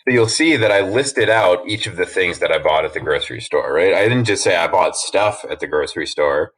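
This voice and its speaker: A man teacher walking students through a worksheet in a relaxed, explanatory way with frequent fillers. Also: sits low, a little fast. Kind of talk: recorded classroom lesson.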